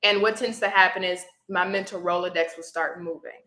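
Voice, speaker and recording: Bright-voiced woman sharing her story. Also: fairly low pitch, fairly even intonation, fairly quick, roomy sound, poor audio. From Houston area. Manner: reflective, gets teary at times. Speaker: tarot reader guest. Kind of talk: emotional personal storytelling.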